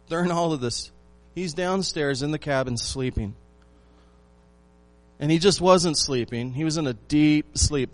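A preacher whose voice sits on the high side gives a sermon in a dry recording. Rhetorical questions and emphatic repetition fill his delivery, which swings from loud declarations to hushed ones.

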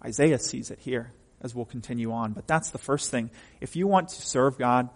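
A man's voice: mid-range voice, normal speed, long reverb tail. A man preaching a sermon from the pulpit, emphatic and often asking the congregation questions. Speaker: pastor.

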